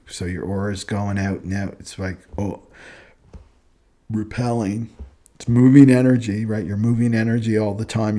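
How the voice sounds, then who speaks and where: A man's voice: lowish voice, warm tone, slight background noise. A man giving a casual, rambling spoken lesson on personality types, earnest and often checking in with "right?". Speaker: astrology and human design teacher. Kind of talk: casual spoken teaching monologue.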